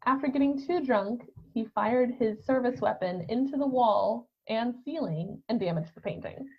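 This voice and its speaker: Brief: female co-host, dry storyteller, higher voice, muffled lo-fi bathroom sound. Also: moderate pace, husky. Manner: wry, jokey storyteller. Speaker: podcast co-host. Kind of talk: casual storytelling chat. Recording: dull lo-fi bathroom recording.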